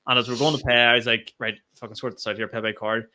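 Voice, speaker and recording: Male comedian, quick and bright, cheeky anecdote-teller. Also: mid-range voice. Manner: animated storytelling, swears freely. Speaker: podcast co-host and stand-up comedian. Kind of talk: casual chat.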